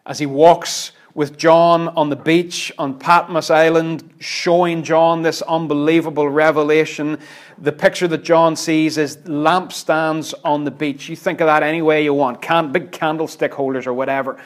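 A man's voice: a little high, fairly even intonation, normal speed. A man preaching a sermon, earnest and emphatic, sometimes dropping almost to a whisper. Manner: earnest, emphatic, with dramatic drops to near-whisper.

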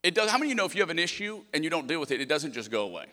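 A young man preaches with animated energy, acting out the voices in his quotes. His voice sits a little high and rings bright and forceful. The sound hangs in a long hall reverb. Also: racing. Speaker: pastor. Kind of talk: sermon.

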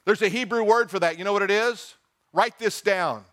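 A man with a high, light speaking voice preaches a sermon. He reads scripture aloud and presses each point home, stopping to put questions to the congregation. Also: moderate pace, fairly bright tone. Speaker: pastor.

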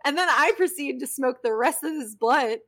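A woman's voice: high-pitched, normal speed. A young woman hosting a podcast, telling a casual story with lots of swearing and frequent laughter. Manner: animated, swears freely, breaks into laughter. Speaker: podcast host.

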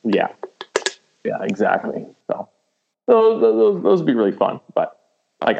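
A man's voice: fairly low pitch, creaky. Rambling man on a dull lo-fi recording. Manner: rambling, with many fillers and restarts, slipping into impressions. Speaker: podcast guest, aspiring voice actor. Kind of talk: casual chat.

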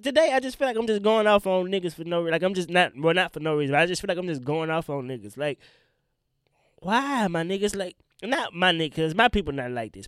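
A slightly high, fairly bright voice with a clear, resonant tone belongs to a young podcast host and stand-up comedian. Sick and a bit stuffy from pollen, he rants solo in a blunt, profane, wandering way. The studio audio carries no room sound.

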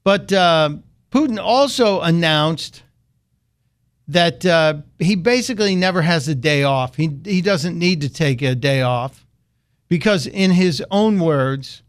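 A man's voice: fairly high pitch, animated, slow pace. Sarcastic male talk radio host. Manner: sarcastic, mocking.

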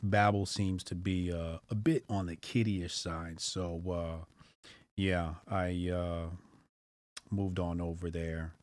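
A man hosting a casual live stream, talking loosely with lots of fillers and jumping high for comic emphasis. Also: slow, no echo. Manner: animated, jumps pitch for comic emphasis; loose and profane, with many fillers. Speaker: streamer host.

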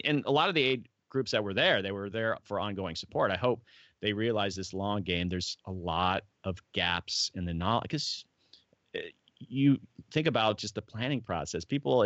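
Middle-aged male guest, rambling storyteller, low-fi dry sound. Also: fairly bright tone, no room sound. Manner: rambling storyteller, acts out quoted voices. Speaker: podcast guest. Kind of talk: casual interview talk. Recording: dull, dry lo-fi audio.

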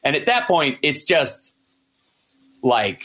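Speaking slowly in a fairly high voice, a male commentator retells events in casual discussion. He's animated, acts out quoted dialogue, and restarts and fills often.

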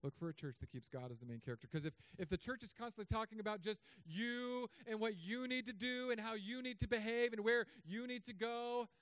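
Pastor, male, 30s, high voice, dry close sound, joking sarcastic sermon delivery. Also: fairly quick, few pauses, dry recording. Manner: humorous, sarcastic asides with animated swings.

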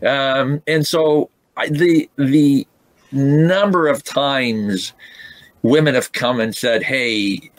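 A man recounting a heartfelt story as an interview guest, stumbling and restarting as the feeling builds. His voice sits at a middle pitch, and the recording is close and dry. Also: dry recording. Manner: emotional, halting, many restarts.

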